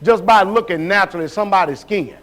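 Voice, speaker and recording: A man's voice: high voice, fast, a bit bright. A man preaching as a pastor, calling members forward and asking the congregation whether they follow him. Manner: calls people up, checks in with the crowd. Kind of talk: live sermon.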